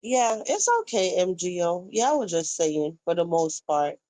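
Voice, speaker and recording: A woman's voice: fairly low pitch, moderate pace, dark tone, no echo, low-quality recording. A young woman, chatting casually on a live stream, reacting to viewer comments and retelling gossip. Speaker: livestream host.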